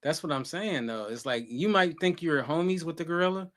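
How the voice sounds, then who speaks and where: A man's voice: a little high, a little fast, fairly bright tone, no echo. A man hosting a casual group chat, rambling loosely and laughing often. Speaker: host.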